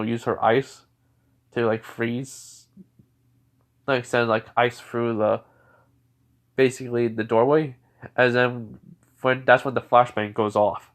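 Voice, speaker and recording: Man, fan story narration, improvised, rambling, fillers and restarts. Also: medium pitch.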